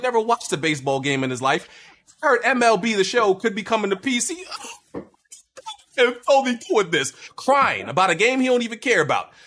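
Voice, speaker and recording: Animated man in heated podcast banter. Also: high-pitched, a little hiss or hum. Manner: animated, repeats words when cut off, teasing. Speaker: podcast co-host.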